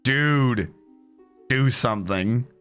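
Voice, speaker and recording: A man's voice: medium pitch, drawn-out words, fairly bright tone, smooth, soft background music. A man casually commenting on his game as he plays, reading its text aloud with sarcastic, swearing asides. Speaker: streamer playing a strategy game. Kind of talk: casual let's play commentary.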